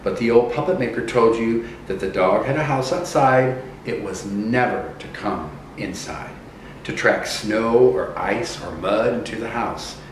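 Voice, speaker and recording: A man playing a gentle probing fairy godmother. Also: on the low side, measured pace, a little hiss or hum, lightly acted. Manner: questioning, gently insistent. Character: gentle female fairy godmother with silver wings, probing and kind. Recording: echoey room from a distance.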